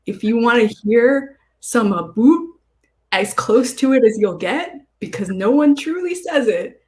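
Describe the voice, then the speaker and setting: A woman from Ontario with a Canadian accent, a guest on a casual livestream chat, telling animated stories and laughing through her points. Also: fairly high pitch, unhurried. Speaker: guest writer.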